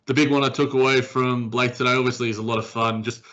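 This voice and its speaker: A man's voice: mid-range voice, level tone, fast, fairly bright tone. Guy hosting a hoops podcast, kinda rambly, lots of ums, muffled lo-fi sound. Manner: rambling, many restarts and fillers. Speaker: podcast co-host. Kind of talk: casual sports chat.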